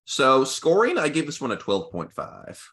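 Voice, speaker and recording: A young man co-hosting a casual album review podcast, joking and animated as he talks through songs. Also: medium pitch, moderate pace. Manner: animated, joking, reads lyrics aloud. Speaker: podcast co-host.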